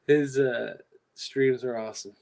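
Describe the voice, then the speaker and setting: A man guest on a live stream, talking casually and haltingly, often repeating words as he restarts. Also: medium pitch, creaky, heavy background noise. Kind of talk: casual chat.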